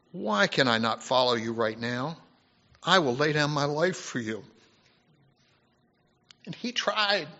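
A man preaching a sermon, swinging between loud, emphatic passages and soft, hushed ones, with halting restarts and fillers. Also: fairly high pitch. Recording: dull lo-fi recording.

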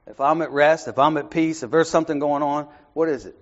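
In a muffled, lo-fi clip, a man leads a relaxed Bible study, shifting from soft side remarks to stronger emphasis and repeatedly checking in with "right?" He sounds slightly high, keeps his intonation fairly even, and moves at a fairly quick clip.

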